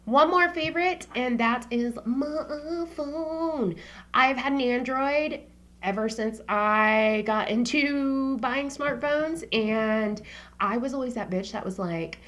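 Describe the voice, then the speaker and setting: A woman's voice: high-pitched, slow pace, fairly bright tone. A woman vlogging about her favorite beauty products in a casual, slangy chat, swearing freely and dropping into whispers for asides.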